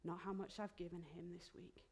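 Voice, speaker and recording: A woman preaching a sermon in a church, heartfelt and emotional, dropping into soft whispered asides. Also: on the low side, little pitch movement, fairly quick, slight background noise.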